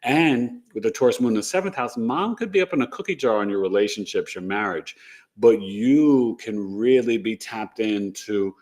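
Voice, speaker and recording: A fairly low-pitched man with a darkish tone and moderate pace runs a casual astrology live stream. He meanders through his points, frequently ending them with "right?"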